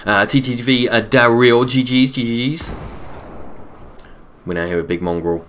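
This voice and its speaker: A man streaming a game live, chatting casually, reading viewers' messages aloud and answering them between quick calls about the play. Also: medium pitch, slight background noise. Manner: relaxed, chatty, repeats his own phrases. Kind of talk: casual live-stream commentary while gaming.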